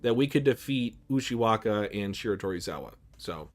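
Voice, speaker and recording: A man's voice: on the low side, animated, fairly quick, faint music behind. A man co-hosting an anime reaction talk, laying out his points at length. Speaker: co-host of anime reaction channel. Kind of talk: casual chat.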